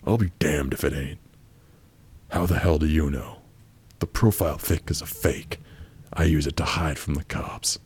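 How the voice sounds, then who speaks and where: Brief: man, extremely low and raspy voice, blunt, crude prank-chat delivery. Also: steady tone, moderate pace, pauses often, darkish tone. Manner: blunt, crude and abrasive, with sudden outbursts. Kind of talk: crude prank role-play reading a chat aloud.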